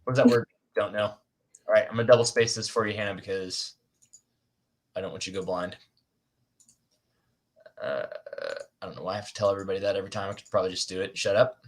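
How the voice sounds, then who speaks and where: A man's voice: on the low side, fairly even intonation, fast, pauses often. A man hosting a casual live-stream chat, rambling and self-conscious, laughing often and restarting his sentences. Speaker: host.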